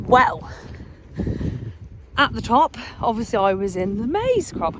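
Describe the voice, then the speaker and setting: A woman's voice: on the high side, big pitch swings, measured pace, long pauses. A woman from Hampshire with a Somerset-tinged West Country accent, chatting casually as she explains a day on the beating line. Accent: Somerset-tinged English West Country. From Hampshire, England. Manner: chatty and explanatory, laughs often. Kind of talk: casual outdoor vlog. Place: outdoors in countryside fields and hedges. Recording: noisy outdoor phone recording.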